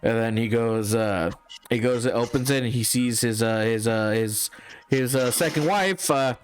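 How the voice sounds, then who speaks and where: A man co-hosting a podcast in casual chat, retelling a movie plot with many halting fillers. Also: mid-range voice, soft background music. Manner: halting, filler-heavy storytelling. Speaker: podcast co-host.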